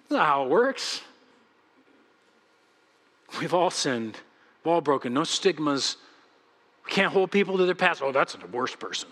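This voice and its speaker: A man's voice: high-pitched, bright, forceful tone, big-room sound. A man preaching a sermon as pastor, earnest and pleading as he speaks straight to his congregation. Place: church sanctuary.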